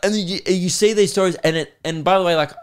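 A man's voice: sits high, fast talker, clean tone. Rambling Australian man telling stories. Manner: rambling, laughing storytelling with sudden mimicry. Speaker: podcast host and comedian. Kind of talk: casual chat.

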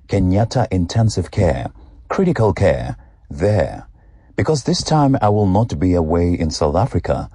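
A man reading a personal essay aloud with slow, deliberate, expressive delivery. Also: low-pitched, husky, no room sound, clean studio sound. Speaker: guest reader.

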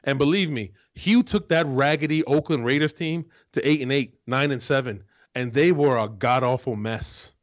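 A man's voice: medium pitch, moderate pace, hardly any pauses, muffled recording. A man who once played pro football, co-hosting a casual sports talk show in an emphatic, profane way. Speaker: co-host, former football player.

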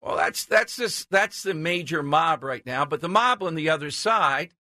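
A man's voice: a little high, lively intonation, moderate pace, bright, forceful tone, no room sound. A man hosting a talk radio show, giving emphatic, sarcastic commentary into a studio mic.

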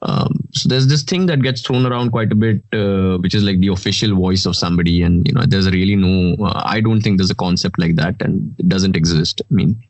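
An Indian English-accented man in a casual interview chat, speaking in a fairly low voice. His talk is relaxed and full of fillers, and it sits dry and close to the mic. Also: fairly quick, hardly any pauses, no room sound. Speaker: voice artist guest.

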